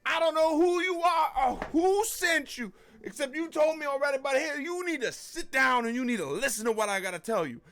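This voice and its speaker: A man voicing an earnest, excitable older man he met on a bus, talking urgently and repeating himself. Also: very high voice, brisk, few pauses, a little hiss or hum, pitched above the performer's own voice.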